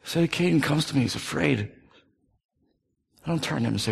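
Male pastor, 30s, slightly high voice, earnest sermon delivery with hushed quiet passages, long hall reverb. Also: lively intonation, brisk, creaky. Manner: earnest, dropping to soft near-whispers for tender moments.

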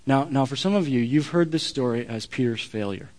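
A man's voice: medium pitch, a little fast, a little mellow, long reverb tail. A man preaching a sermon as a pastor, conversational and emphatic, often restarting his words.

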